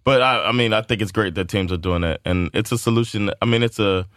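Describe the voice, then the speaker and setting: Low-voiced man in casual chat. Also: quick pace, fairly bright tone, no echo, clean studio sound. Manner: loose, rambling, laughs and swears freely. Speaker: podcast co-host.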